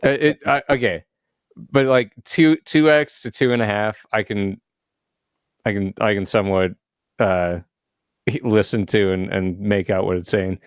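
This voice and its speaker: A man's voice: on the low side, measured pace, dry recording. Man, podcast co-host, hesitant casual chat, dry close sound. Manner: hesitant, many restarts and fillers.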